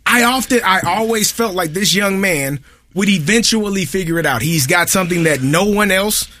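A man chatting about baseball as an analyst, animated, a storyteller who slips into mock voices. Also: sits high, normal speed, slight background noise. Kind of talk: casual sports chat.

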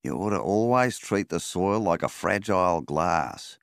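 A man voicing a slow, deliberate farmer giving sage advice in an audiobook. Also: deep voice, lively intonation, creaky, clear, resonant tone, no echo, studio quality, voice pushed up, heavily acted.

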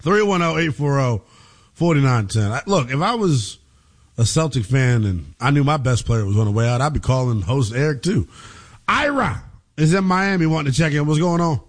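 A man's voice: a little high, lively intonation, normal speed. A man hosting a late-night sports radio call-in show, teasing callers and using slang.

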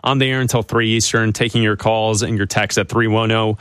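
A man's voice: on the low side, fairly even intonation, a little fast, fairly bright tone, clean tone, no room sound. A man hosting a sports radio show, breaking down games with playful banter. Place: radio studio. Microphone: studio mic.

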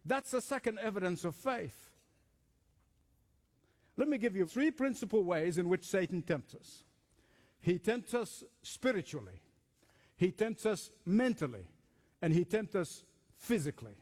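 A male pastor preaches in an emphatic, conversational way and leans on repetition. His voice sits high and moves up and down a lot. It rings out with a long reverb in a church hall. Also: sing-song, unhurried, long pauses, darkish tone. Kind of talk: sermon.

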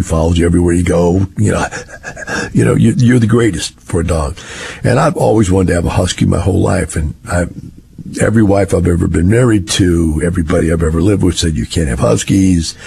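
Gravelly older man, deep voice. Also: darkish tone, slight background noise. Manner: rambling, folksy, repetitive phrasing. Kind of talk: casual monologue.

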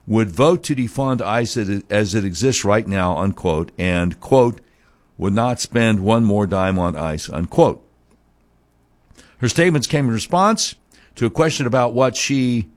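Folksy sarcastic Southern radio host. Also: male voice, fairly low pitch, darkish tone. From Arkansas. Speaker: radio talk show host. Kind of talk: conservative political talk radio monologue. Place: radio studio.

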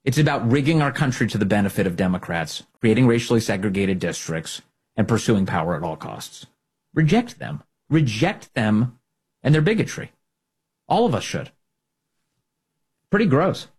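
A man's voice: fairly low pitch, sing-song, moderate pace, darkish tone, husky. A man hosting a political opinion monologue, combative and sarcastic. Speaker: political commentary host.

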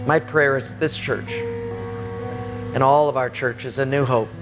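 A middle-aged man preaching a sermon, telling a personal story with animated delivery and sudden loud bursts. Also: mid-range voice, measured pace, over music. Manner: animated, raises voice sharply for quoted speech. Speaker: pastor.

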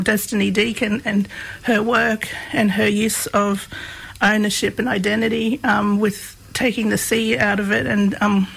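A woman's voice: medium pitch, gravelly, fairly bright tone, husky, rough recording. A woman, a guest in an interview, telling stories in a chatty way and laughing as she talks. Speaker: interview guest, comedy researcher. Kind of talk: casual conversational storytelling.

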